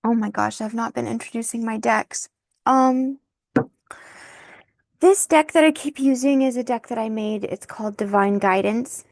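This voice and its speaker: A woman giving an intuitive tarot reading, soft-spoken and emotional, thinking aloud as she turns the cards. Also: a little high, moderate pace, vocal fry, no room sound. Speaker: tarot reader.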